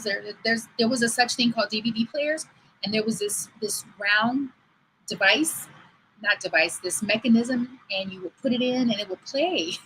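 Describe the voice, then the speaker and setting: A woman in her forties or older hosts her own livestream, talking straight to viewers in a slightly high voice. She tells stories in a chatty way and acts out the lines people said to her. A faint hiss runs under the stream mic. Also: fairly bright tone, low-quality recording. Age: over 40. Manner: chatty storytelling, acts out quoted dialogue. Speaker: host. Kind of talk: livestream talk. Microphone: livestream computer mic.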